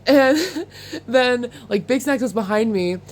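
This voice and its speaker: A young woman vlogging in a casual chat, talking in an excited, rambling way with lots of "like" and "oh my God.". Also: a little high, measured pace. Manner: chatty and excitable, full of "like" and "oh my God"; bursts into laughter while recounting.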